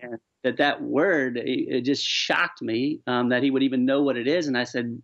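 A man's voice: medium pitch, fairly even intonation, normal speed, vocal fry. A man telling stories earnestly and with animation as an author guest on a radio interview. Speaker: author and charity founder, guest. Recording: dull lo-fi sound.

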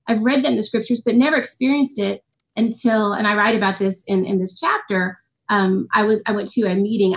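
A woman in her forties, a guest author, telling a personal faith story in an interview and acting out the voices of the people in it. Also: medium pitch. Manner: animated storytelling, acts out quoted voices. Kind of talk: testimony in an interview.

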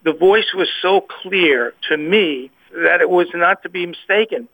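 This guest's faith testimony comes through a tinny phone connection in a high, vocal-fried voice at a measured pace. Hesitant throughout, he keeps repeating and restarting what he says.

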